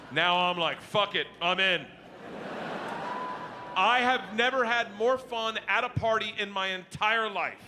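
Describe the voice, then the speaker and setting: A middle-aged man doing stand-up, telling stories in a loud, crude, animated way that breaks into shouts. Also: high-pitched, unhurried. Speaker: stand-up comedian. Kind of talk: stand-up storytelling. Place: comedy club stage before a live audience. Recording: live room noise from the crowd.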